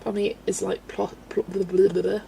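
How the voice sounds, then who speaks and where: A woman's voice: medium pitch, little pitch movement, moderate pace, gravelly, warm tone, slight background noise, low-quality recording. A woman from the UK streaming live at home, chatty and giggly, reading viewer comments aloud as she chats. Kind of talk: casual live-stream chat.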